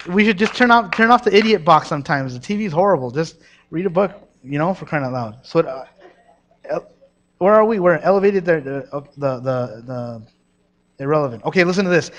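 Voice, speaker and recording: A young man from Mexico preaching a sermon, energetic and storytelling, with restarts and asides to the congregation. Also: on the high side, quick pace.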